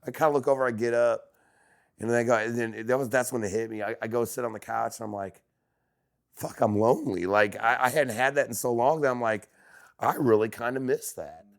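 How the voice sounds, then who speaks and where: A man on a podcast as a guest, chatting casually and telling animated stories, acting out quotes. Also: medium pitch, gravelly, clean tone. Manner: animated storyteller who acts out quotes.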